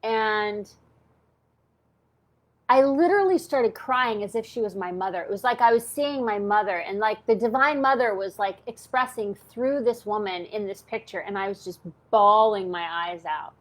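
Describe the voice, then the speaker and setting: A channel host in her fifties shares a personal story, candid and chatty, sprinkling in "like" and "okay?" constantly. Her voice is mid-range and her pace moderate.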